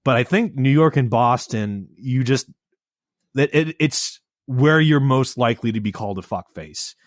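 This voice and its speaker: A man with a Midwestern American accent, co-hosting a comedy podcast in casual, animated banter. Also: medium pitch, normal speed, dry recording, studio quality. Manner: animated, acts out phrases. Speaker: podcast co-host.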